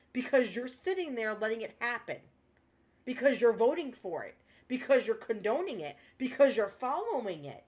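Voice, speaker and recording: A woman streamer talking casually to her chat in a fairly high voice. She speaks with earnest passion, circling back over her points. She sounds emotional, close to tears. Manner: impassioned, earnest, repeats herself. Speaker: livestreamer. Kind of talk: casual livestream chat with viewers.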